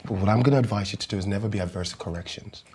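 An actor playing a visiting film actor who calmly encourages a young woman, dropping casual slang. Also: lowish voice, rapid-fire, background noise, natural voice. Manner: calm, reassuring, casual American-style slang. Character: famous male actor visiting, encouraging mentor. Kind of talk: comedy series acting.

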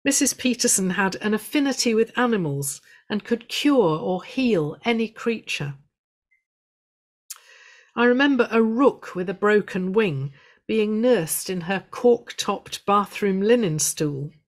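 A woman giving a prepared illustrated talk to a local history society, telling stories in a measured way with gentle humour. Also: medium pitch, expressive.

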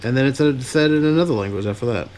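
A man co-hosting a casual podcast, chiming in with short, dry, deadpan quips. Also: mid-range voice, racing, a little hiss or hum. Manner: dry, deadpan one-liners. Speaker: podcast co-host.

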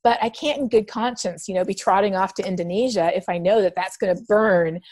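A middle-aged woman from Canada, a podcast guest telling stories in a lively conversational way. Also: medium pitch, a little fast, no echo. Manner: animated storyteller acting out quoted dialogue.

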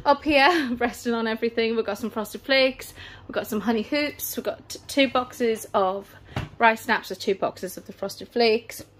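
Breathless chatty mum. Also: female voice, fairly high pitch, normal speed, background noise. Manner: chatty, rambling item-by-item listing. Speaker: mother showing a family grocery haul. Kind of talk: casual vlog chat. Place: family home, indoors.

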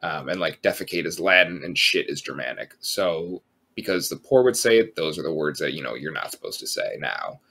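A man co-hosting a podcast, talking in a relaxed, rambling way, full of fillers and casual swearing. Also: rumbling low, a little fast, creaky, breathy edge. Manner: relaxed, rambling, lots of um and sort of, swears freely. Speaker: podcast co-host.

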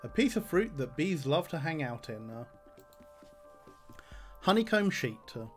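A man's voice: fairly high pitch, very animated, a little slow, soft background music. A man streaming a game, reading item text aloud with dry jokes and plenty of fillers. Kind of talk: game livestream commentary.

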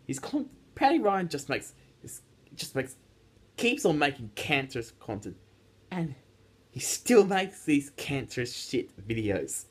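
A man's voice: a little high, big pitch swings, unhurried. A teenage boy ranting casually to his viewers, rambling with frequent restarts and repeated words. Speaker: YouTube ranter. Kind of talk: casual rant vlog.

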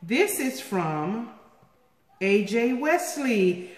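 Opening viewer mail for her home vlog, a woman with a medium-pitched voice takes her time yet keeps gasping and saying things twice in excitement. There's a long, ringing reverb from the room plus a faint background hiss.

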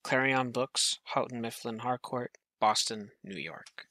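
A man reading a children's picture book aloud in a gentle storytelling manner. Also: mid-range voice, a little slow, dry recording. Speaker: reader.

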